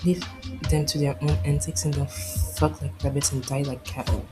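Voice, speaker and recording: A woman reading a visual novel aloud with blunt, profane asides and occasional stutters. Her voice sits low. Game music plays clearly beneath. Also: little pitch movement, moderate pace, poor audio. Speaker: game streamer.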